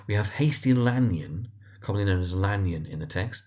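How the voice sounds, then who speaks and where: Male teacher with a low voice for a pronunciation lesson, careful and deliberate, dull lo-fi sound. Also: animated, darkish tone. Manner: careful, repeats each name slowly and deliberately. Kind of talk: instructional pronunciation guide.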